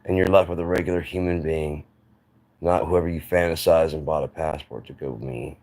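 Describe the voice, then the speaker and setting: A man's voice: rumbling low, fairly even intonation, normal speed, a little mellow. A man talking casually on his own channel, giving rambling, opinionated takes with frequent restarts. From United States. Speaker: channel host. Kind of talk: casual monologue to camera.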